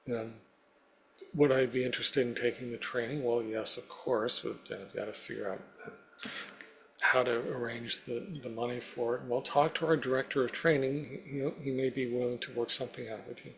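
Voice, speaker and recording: Male interview guest, mid-pitched, recounts his story in vivid steps, lots of "you know". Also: fairly even intonation, brisk. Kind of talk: personal storytelling in a conversation.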